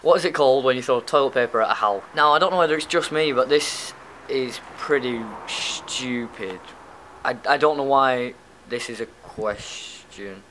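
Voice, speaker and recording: A man's voice: mid-range voice, moderate pace, noisy background. A young man with a Lancashire accent, chatting casually and bluntly in a vlog, swearing now and then. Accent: northern English, Lancashire. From Lancashire, England. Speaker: YouTube vlogger. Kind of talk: casual chat, doing a tag video.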